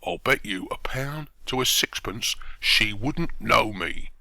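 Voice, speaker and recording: A man's voice: medium pitch, animated, normal speed, sharp tone, dry recording. A man voicing a mischievous male actor who teases smugly and turns sulky when crossed. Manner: smug teasing, turns sulky. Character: cheeky, mischievous male actor, sulks easily.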